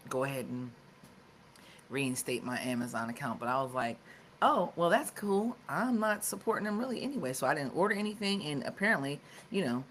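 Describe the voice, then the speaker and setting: A woman co-hosts a live talk show, chatting casually with lots of fillers and restarts. Her voice is a rumbling low and a bit bright, with slight background noise.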